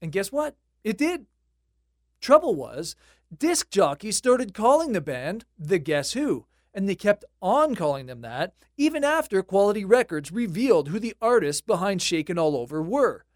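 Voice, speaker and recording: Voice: mid-range voice, big pitch swings, moderate pace, no echo. A host narrating music history in a scripted, conversational way with light wry asides, recorded close and dry.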